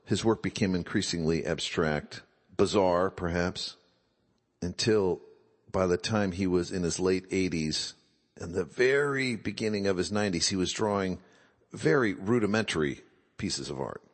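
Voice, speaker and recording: A man's voice: sits low, moderate pace, in a large hall. A man giving a reflective talk, musing aloud and posing rhetorical questions.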